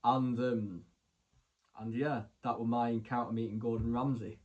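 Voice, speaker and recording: A man's voice: mid-range voice, flat delivery, moderate pace, a little mellow, lo-fi sound. A young man, casually telling rambling stories to camera, full of "so anyway" and "like". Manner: chatty, rambling, lots of "so anyway" and "like". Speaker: vlogger.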